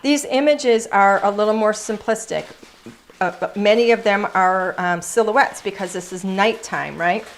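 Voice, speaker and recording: A woman at a middle pitch, chatting through a craft product showcase. She gushes over every piece and now and then trails off while searching for the right word. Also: a little slow. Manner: gushing, chatty, searching for words.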